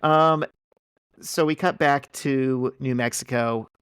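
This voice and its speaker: Man, podcast host, casual chat, animated storytelling, lots of fillers, mid pitch, dry close sound. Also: takes it slowly, smooth, no room sound. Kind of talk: casual chat recapping a comic.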